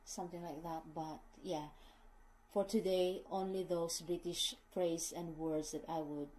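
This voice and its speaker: A woman's voice: fairly low pitch, fairly even intonation, measured pace, darkish tone, rough recording. A woman with a Filipino accent, chatting casually to camera as a vlogger and often calling her viewers "guys" as she corrects herself mid-sentence. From Philippines.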